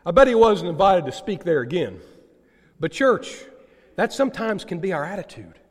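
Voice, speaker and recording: Male pastor, high lively voice, storytelling sermon, long church reverb. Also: normal speed, slightly rough. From United States. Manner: animated storytelling preacher.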